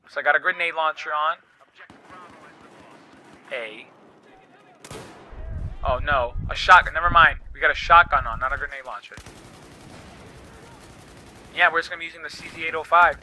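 A man's voice: fairly high pitch, normal speed, pauses often, bright, forceful tone. A young man giving live commentary over his own gameplay, swearing freely and breaking into frustrated outbursts. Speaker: gaming YouTuber.

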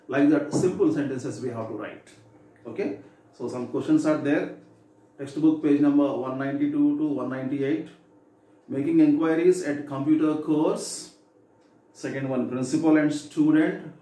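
A man's voice: a little high, moderate pace, dark tone. A man with an Indian English accent teaching an exam preparation lesson, repeating and listing points one by one. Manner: repetitive, instructive, lists items. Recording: echoey room, distant mic.

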